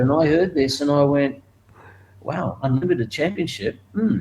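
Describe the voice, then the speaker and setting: Animated older Australian man telling stories. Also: measured pace, low-quality recording. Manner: animated, acts out other people's voices with raised pitch and laughs. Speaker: guest, retired motorcycle racer. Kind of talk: storytelling in an interview.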